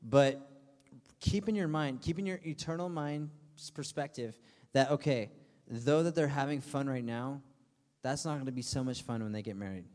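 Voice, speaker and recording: A man's voice: mid-range voice, expressive, normal speed, a little mellow. A young man preaching to a youth group as their pastor, talking casually with lots of fillers and playful asides. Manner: casual and chatty, full of fillers, acting out friends' voices for laughs. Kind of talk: youth sermon. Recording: long hall reverb.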